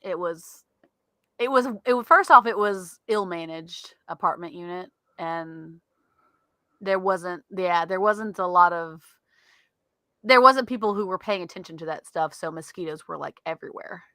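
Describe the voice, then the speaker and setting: A woman's voice: lowish voice, normal speed, bright, forceful tone, no echo. A woman with a Southern US accent, co-hosting a podcast in casual chat, chatty and laughing often. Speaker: podcast co-host. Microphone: studio mic.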